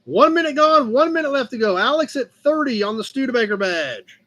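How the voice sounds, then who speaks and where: A man's voice: very high voice, sing-song, a little fast, pushed and bright. A man hosting a casual live-stream auction of car badges, chatting about each piece and calling out the bids. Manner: chatty, talks to his cat between bids.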